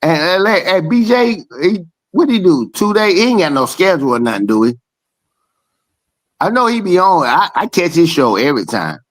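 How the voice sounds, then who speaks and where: This man chats on a podcast call in a loose, swearing style, sometimes through a mouthful of food. His voice sits slightly higher than most men's and he gets animated as he argues. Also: normal speed, rough recording. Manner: profane, animated, talks while eating. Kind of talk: casual chat. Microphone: streaming call.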